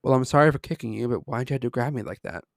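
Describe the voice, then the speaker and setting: A man's voice: medium pitch, racing, creaky, no echo, studio quality, close to an everyday voice. A man reading aloud, voicing a frightened young boy who pleads and screams after being lost at night. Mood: tearful.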